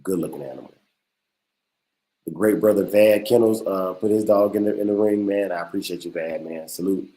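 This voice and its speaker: Low-voiced guy hosting a dog podcast stream, easygoing, says man a lot, mellow tone. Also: brisk, low-quality recording. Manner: laid-back, slangy, repeats words. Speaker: podcast host. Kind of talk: casual livestream chat.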